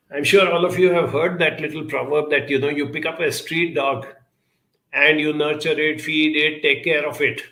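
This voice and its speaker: A man speaking in a slow, earnest self-help talk, often pausing with fillers. His voice is bright and gravelly. The sound carries a noticeable room echo. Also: on the high side. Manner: measured, earnest, many pauses and fillers. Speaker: self-help speaker answering viewer questions. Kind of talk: reflective talk.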